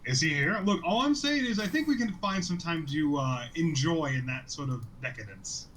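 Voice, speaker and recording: A man's voice: on the high side, animated, normal speed, fairly bright tone, a little hiss or hum. A man playing a tabletop game, eager and joking in character. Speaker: player.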